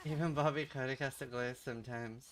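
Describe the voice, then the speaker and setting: A man's voice: medium pitch, steady tone, a little fast, fairly bright tone, slight background noise. A man from Norway, chatting casually with his livestream audience, bantering and swearing freely. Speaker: streamer.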